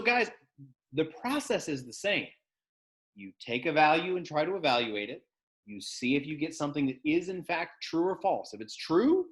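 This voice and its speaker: A male math teacher teaching an online class, dropping his voice low and then bursting out loud to wake students up, on a computer mic. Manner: shifts from hushed to sudden loud bursts. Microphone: computer mic on a video call.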